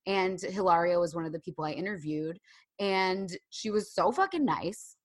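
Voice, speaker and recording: Wry low-voiced woman gossiping. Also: expressive. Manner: wry, gossipy, quick asides. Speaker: podcast co-host. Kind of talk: casual chat.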